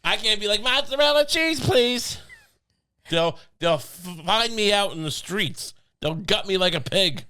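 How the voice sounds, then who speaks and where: A young man with a smooth, resonant voice, sitting a bit high for a man. He co-hosts a podcast and jokes in a deadpan, rambling way, restarting his sentences often. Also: moderate pace, few pauses. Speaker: podcast co-host. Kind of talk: casual comedic chat. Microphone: studio podcast mic.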